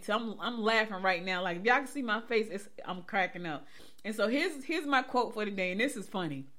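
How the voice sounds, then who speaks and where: A woman hosts a morning show in an easy, chatty way. She laughs along with her own stories and speaks straight to her listeners. Her voice sits at an ordinary middle pitch. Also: fairly bright tone. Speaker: podcast host. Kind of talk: casual morning show talk.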